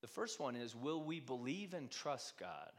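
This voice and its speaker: A man preaches to his congregation in an easy, conversational way and keeps throwing rhetorical questions at them. His voice swings between quiet asides and louder emphasis at a middle pitch. A long reverb from a church sanctuary trails after his words. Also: big pitch swings, unhurried. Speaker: pastor. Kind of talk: sermon.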